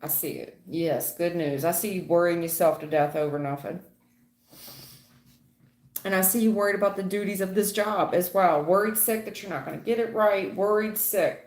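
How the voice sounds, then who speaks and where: A woman's voice: lowish voice, vocal fry, a little mellow, echoey room. A woman giving a live tarot reading, chatty and folksy, calling viewers honey and baby. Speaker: tarot reader.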